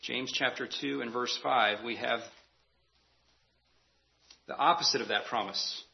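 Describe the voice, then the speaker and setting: A man's voice: medium pitch, fairly even intonation, a little slow, vocal fry, muffled recording. A man preaching a sermon as pastor, earnest and emphatic, repeating key phrases for weight.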